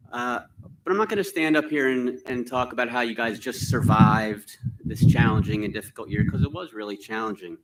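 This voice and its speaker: A man who teaches middle school speaks at an eighth-grade recognition ceremony. His voice sits at an everyday middle pitch. He talks loosely, with plenty of "uh"s, mixing teasing jokes with sincere praise for the students. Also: poor audio. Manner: joking and warm toward students, casual with many "uh" fillers. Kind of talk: graduation ceremony speech.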